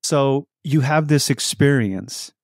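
A man's voice: medium pitch, takes it slowly, dry recording, clean studio sound. A man hosting a faith podcast, asking follow-up questions and giving short affirmations. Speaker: podcast host. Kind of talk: interview conversation.

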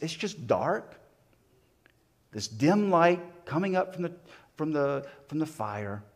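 A man pastor preaching a sermon, retelling a story and acting out the voices in it, with frequent small restarts. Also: fairly high pitch.

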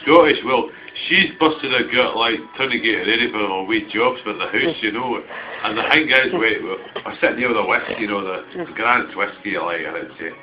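A man's voice: lowish voice, moderate pace, soft background music. A man rambling and swearing in a casual late-night chat at home while drinking. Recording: dull home video, 80s radio playing.

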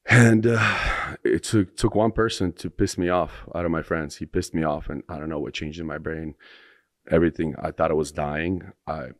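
A man's voice: extremely low pitch, fairly even intonation, moderate pace, no echo, clean studio sound. A young man, a podcast guest, telling a long story in a rambling way, restarting his sentences and swearing freely. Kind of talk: casual storytelling in conversation.

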